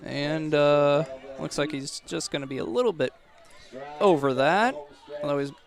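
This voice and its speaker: Gravelly, casual male track commentator. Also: fairly high pitch, unhurried. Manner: casual, hesitant with fillers. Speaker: color commentator. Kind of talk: sports commentary. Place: outdoor stadium.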